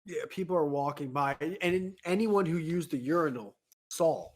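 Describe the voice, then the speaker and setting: Animated man telling a story. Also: on the high side, normal speed. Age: 30s. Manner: animated, acts out quoted voices, frequent laughter. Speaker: podcast co-host. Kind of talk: casual storytelling chat. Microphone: home mic on a remote call.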